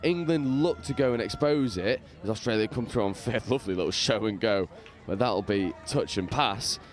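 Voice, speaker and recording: A man giving lively play-by-play commentary from a balcony at an outdoor sports ground, with casual slang. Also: fairly low pitch, moderate pace, soft background music. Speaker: match commentator.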